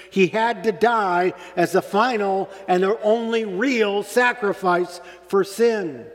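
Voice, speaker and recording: A man preaching a sermon as pastor, slow and deliberate, lifting his voice on emphatic phrases. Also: high voice, in a large hall.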